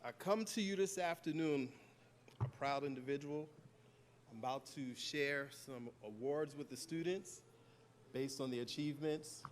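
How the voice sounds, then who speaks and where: A man's voice: a little high, measured pace, slight background noise. Jovial older man presenting school awards. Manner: jovial, joking, talks to the crowd.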